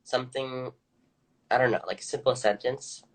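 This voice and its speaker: A man's voice: medium pitch, fairly even intonation, normal speed. A young man being interviewed as a guest actor, talking casually and hesitantly with frequent laughs.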